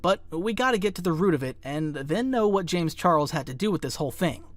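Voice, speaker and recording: A man's voice: fairly high pitch, expressive, a little fast, no echo, faint music behind. A man reading scripted narration for a commentary video with a dramatic, emphatic delivery.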